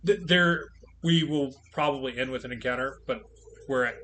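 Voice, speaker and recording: Sex: man. Role: game master. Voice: bright, forceful. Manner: laid-back, explaining. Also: mid-range voice, moderate pace, a little hiss or hum. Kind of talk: casual tabletop chat.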